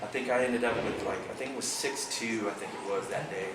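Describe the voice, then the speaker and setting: A man's voice: fairly low pitch, fairly quick. A man telling a fishing tournament story at a club meeting, acting out the quotes with animation. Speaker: fishing team member recapping a tournament. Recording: echoey room from far off, noisy.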